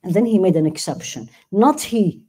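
A woman's voice: mid-range voice, lively intonation, normal speed, dark tone, slightly rough. A woman teaching a religious class, emphatic, questioning her listeners and reciting verses. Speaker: Quran teacher.

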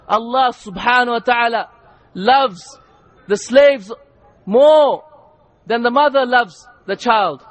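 A male preacher giving an impassioned sermon, repeating lines and rising to shouts. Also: extremely high pitch.

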